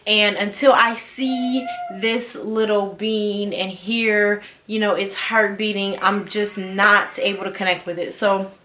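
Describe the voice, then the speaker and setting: A woman in her thirties talks straight to her viewers in a casual personal vlog. Her delivery is candid and a little rambling, full of small fillers and restarts, at an ordinary mid pitch. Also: fairly even intonation, takes it slowly, hardly any pauses, pushed and bright, a little hiss or hum. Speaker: vlogger.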